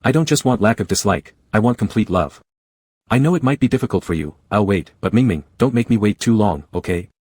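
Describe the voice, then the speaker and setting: A man plays a soothing male teacher in a storybook romance, speaking low and soft with a quiet, possessive pull. The voice is husky and dry, close to the mic. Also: lively intonation, fairly quick, dry recording. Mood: coaxing.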